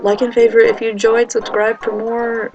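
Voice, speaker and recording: A young woman vlogger telling a story to camera in a casual, animated way, acting out the voices of the people she quotes. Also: a little high, a little fast, lo-fi sound, over music. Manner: animated, acts out quoted voices, nervous humor.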